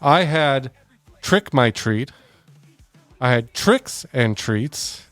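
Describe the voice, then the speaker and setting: A man's voice: mid-range voice, lively intonation, extremely slow, a bit bright, dry recording, soft background music. A man co-hosting a casual movie podcast, reading listener comments and joking with his co-hosts. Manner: joking, wraps up with a ranking. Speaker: podcast co-host.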